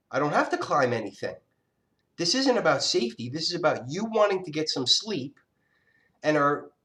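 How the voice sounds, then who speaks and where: Guy venting and cursing through a personal story, pretty high voice, keeps restarting sentences. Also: a bit bright. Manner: angry, profane ranting; scattered, with frequent restarts. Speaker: vlogger. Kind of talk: casual storytelling monologue.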